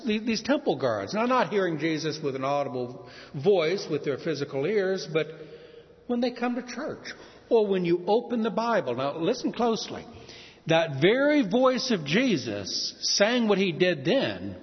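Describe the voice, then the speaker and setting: An older male pastor preaches with a lively, rising and falling delivery, leaning on key words and letting pauses hang. His voice sits fairly high for a man and carries through a hall with a long reverb. The recording sounds muffled. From Texas. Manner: earnest preaching with shifting emphasis and dramatic pauses. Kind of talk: sermon.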